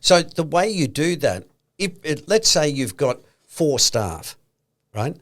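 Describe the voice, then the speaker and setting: Slow, very animated and a bit bright, this fairly high-pitched Australian voice belongs to a podcast co-host casually discussing investing. To explain himself, he plays out hypothetical exchanges.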